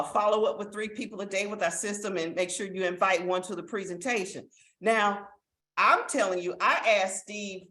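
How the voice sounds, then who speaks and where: A woman hosting a live online business opportunity meeting, giving an enthusiastic sales pitch that urges listeners to act, heard over a video call. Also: a bit bright, reverberant. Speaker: network marketing meeting host.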